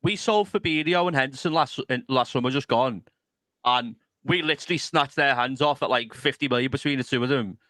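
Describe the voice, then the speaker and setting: A man's voice: medium pitch, fairly quick, a bit bright, no echo, poor audio. A man with a Scouse accent in a laid-back, chatty live-stream conversation. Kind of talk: casual live-stream chat.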